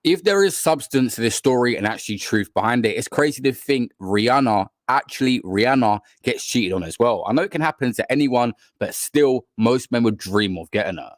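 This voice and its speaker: A man's voice: medium pitch, animated, brisk, hardly any pauses, dry recording, studio quality. A man commentating on celebrity gossip, steadily reading out news reports and adding his own remarks.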